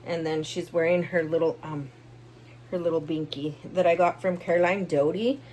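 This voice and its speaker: A tired young woman chats casually to her viewers with a slightly low voice, rambling along with plenty of ums and likes. A faint hum sits behind her, as if she is recorded at home. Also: fairly even intonation, normal speed, a little mellow. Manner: rambling, chatty, with many fillers. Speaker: vlogger. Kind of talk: casual vlog chat.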